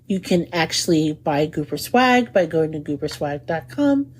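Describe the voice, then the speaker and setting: A woman hosting a food podcast in casual chat, lively, laughing often and lingering over food descriptions. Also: sits low, normal speed. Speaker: podcast host.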